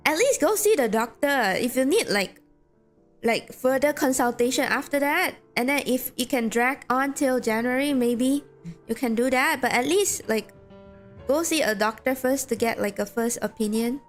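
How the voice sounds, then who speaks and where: Game music plays behind a woman whose high voice has lively intonation and normal speed. Chatty and rambling, she talks with her viewers while gaming, reacting to chat with restarts and plenty of "like."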